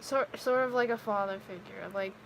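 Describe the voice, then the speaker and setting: A woman's voice: medium pitch, moderate pace, creaky. A teenage girl streaming, chatting in a rambling, emotional way with lots of "like.". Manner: rambling, emotional, heavy use of "like". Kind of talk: casual livestream chat. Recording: loud background noise, passing vehicles.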